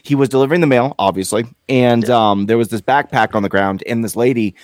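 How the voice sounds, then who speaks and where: A man's voice: mid-range voice, a little fast, dry recording. A man co-hosting a podcast, talking loosely with lots of fillers and "dude". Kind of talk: casual podcast chat.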